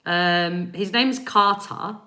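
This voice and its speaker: A woman's voice: medium pitch, takes it slowly, pushed and bright. A woman from East London with an East London accent, chatting on a live stream as a spiritual reader, rambling and laughing as she greets viewers by name. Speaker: spiritual reader and energy healer. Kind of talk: live-stream chat answering viewer comments.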